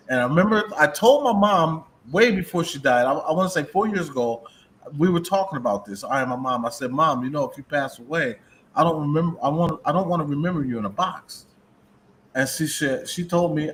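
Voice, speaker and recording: A man's voice: fairly high pitch, lively intonation, normal speed, slight background noise. Earnest middle-aged man on a video call. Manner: earnest storytelling, soft-spoken at emotional moments. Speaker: co-host of paranormal show. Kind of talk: casual conversation.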